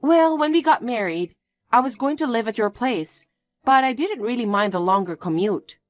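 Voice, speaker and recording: A woman doing a high, pleading young woman. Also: animated, normal speed, dry recording, soft background music, natural voice. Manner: pleading and incredulous. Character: earnest young woman, anxious, easily hurt fiancée.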